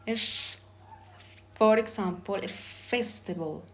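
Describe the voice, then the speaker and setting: A woman with Spanish as her first language leads a very slow, deliberate pronunciation lesson. She sounds out each phoneme carefully, then gives a sample word, at a middle pitch. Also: a little hiss or hum. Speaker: pronunciation teacher.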